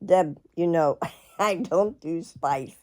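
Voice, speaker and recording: A middle-aged woman, telling a personal story in a rambling, halting way, often clearing her throat. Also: on the low side, dark tone. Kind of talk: casual storytelling.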